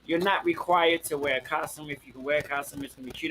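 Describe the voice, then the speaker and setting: A man's voice: on the high side, brisk, sharp tone, slight background noise, poor audio. A man, hosting a casual live-stream chat in a sassy, flamboyant way, swearing freely and calling everyone girl and honey. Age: 50s. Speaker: host.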